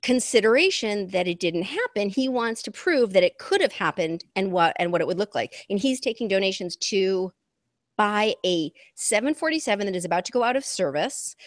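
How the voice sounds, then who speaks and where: A woman's voice: mid-range voice, dry recording, clean studio sound. A woman co-hosting a casual talk stream, telling stories and acting out other people's voices as she goes. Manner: animated, acts out voices of others mid-story. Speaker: talk show co-host. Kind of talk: casual conversation.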